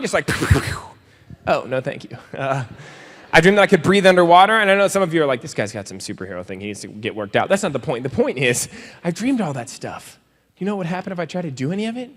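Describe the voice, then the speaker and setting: A man's voice: sits high, quick pace. A man giving a comedic motivational speech to students, joking and acting out little scenes as he tells them. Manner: joking, animated storyteller who acts out scenes. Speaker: motivational speaker. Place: large convention hall. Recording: reverberant convention hall.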